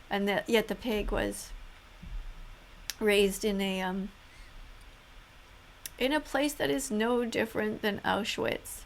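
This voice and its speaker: An earnest woman talking through reaction commentary, with her emotion sitting close to tears. Her voice has a pronounced gravelly fry. A faint hum sits behind her close-miked recording. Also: medium pitch. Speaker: vegan activist vlogger.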